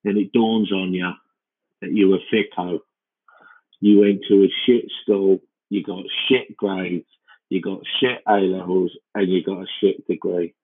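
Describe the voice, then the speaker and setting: A man hosting a comedy podcast, rambling through a self-mocking comic monologue in a deadpan way. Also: deep voice, measured pace. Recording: band-limited, phone-like sound.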